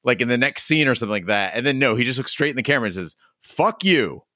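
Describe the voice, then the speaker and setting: A man's voice: mid-range voice, very fast, pushed and bright, no echo, studio quality. A man co-hosting a casual movie-review podcast, giving wry, critical commentary. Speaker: podcast co-host.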